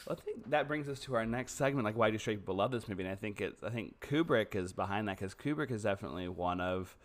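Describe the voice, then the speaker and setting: A man's voice: fairly low pitch, expressive, fast. A young man co-hosting a podcast in casual chat, laid-back and blunt, cracking crude jokes. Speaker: podcast co-host.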